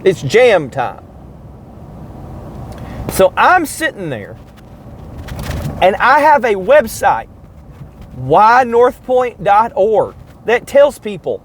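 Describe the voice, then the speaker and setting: Male podcast host, high and bouncy pitch, sardonic casual monologue, acts out sounds. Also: slow, pauses often, low-quality recording. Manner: animated, mocking, acts out sounds and chants.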